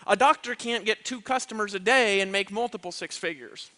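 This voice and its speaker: A man's voice: sits high, fairly quick, bright, forceful tone. A man giving a live motivational seminar talk, emphatic and checking in with "right?" and "you know what I mean?". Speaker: motivational speaker. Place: event stage.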